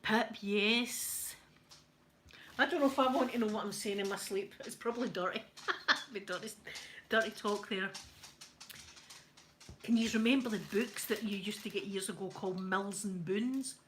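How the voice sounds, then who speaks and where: A woman's voice: mid-range voice, moderate pace, long pauses, a bit bright, slight background noise, rough recording. Giggly, chatty Scottish woman. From Scotland. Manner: chatty, giggly, laughs often. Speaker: live-stream host. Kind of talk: casual chat while ironing.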